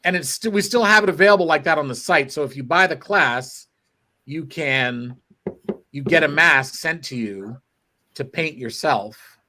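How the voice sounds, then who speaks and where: A man's voice: on the high side, normal speed, pushed and bright. A man chatting as a guest on a talk show, rambling and correcting himself as he tells stories. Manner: rambling, self-correcting storyteller. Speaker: guest sculptor. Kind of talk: casual chat.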